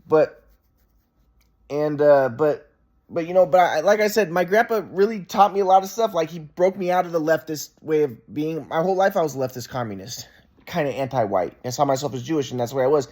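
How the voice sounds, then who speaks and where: A man's voice: a little high, a little fast, a little mellow. A man in a rambling, casual monologue, often restarting and repeating himself, frustrated and swearing.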